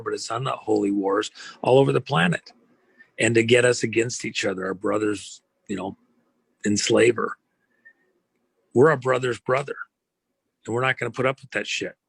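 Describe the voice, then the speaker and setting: A man's voice: mid-range voice, vocal fry, fairly bright tone, breathy edge, dry recording. A man giving an impassioned interview, speaking emphatically with rhetorical questions and a preachy tone. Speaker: interview guest.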